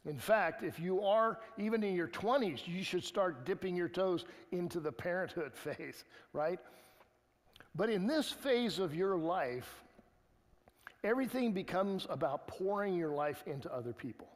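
A man preaching a sermon as pastor, in an earnest, conversational way with pauses and restarts. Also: sits high, expressive, in a large hall. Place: church sanctuary.

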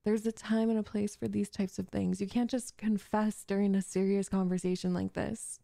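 A woman's voice: mid-range voice, flat delivery, moderate pace, gravelly, mellow, no echo, clean studio sound, lightly acted. A young woman voicing a possessive, jealous gamer girl in an audio role-play, talking in a bossy, defensive, flustered way. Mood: flustered, angry. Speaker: voice actress.

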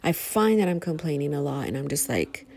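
A middle-aged woman, chatting casually to her viewers while planning, rambling and expressive. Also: deep voice, a little fast, creaky. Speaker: planner vlogger. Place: home.

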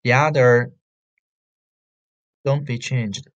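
A man with a Chinese accent teaching an online beginner Chinese class, repeating syllables slowly for drills over a video call. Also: medium pitch, a bit bright, lo-fi sound. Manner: slow, repetitive drilling of syllables.

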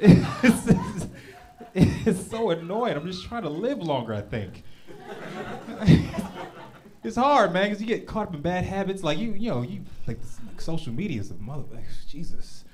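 Stand-up comic, man, 30s: high, swooping voice, brash and profane, laughing crowd behind. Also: normal speed. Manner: animated, profane, punchy storytelling. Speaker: stand-up comedian. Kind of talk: stand-up comedy set. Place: comedy club stage. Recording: live club show with crowd laughter. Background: audience laughter.

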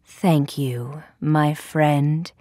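A woman doing a kind, soft-spoken bird. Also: deep voice, dry recording, studio quality, pitched below the performer's own voice, full character voice. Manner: calm, soft and slow. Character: kind male bird, a loyal friend.

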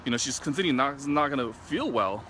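Earnest male doctor, bright and slightly tense tone, reflective storyteller, faint street noise behind. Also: mid-range voice, expressive, brisk. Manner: earnest, reflective, retells dialogue at length. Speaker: physician. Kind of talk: personal storytelling to camera.

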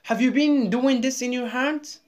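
A Moroccan woman with a Moroccan accent, chatting over a video call in halting English that she repeats as she goes. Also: high voice, a little mellow. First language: Moroccan Arabic. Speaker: vlogger. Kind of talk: casual video call chat.

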